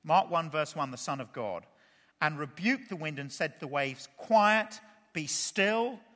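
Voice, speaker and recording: A man preaching a sermon, animated and full of rhetorical questions to the congregation. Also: fairly high pitch, moderate pace. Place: church. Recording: reverberant church hall.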